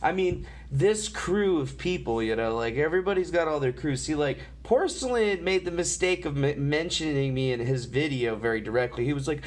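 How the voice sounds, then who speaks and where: A man's voice: on the high side, expressive, moderate pace, few pauses. A man hosting an online show, complaining in an indignant, sarcastic way. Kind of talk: complaining commentary.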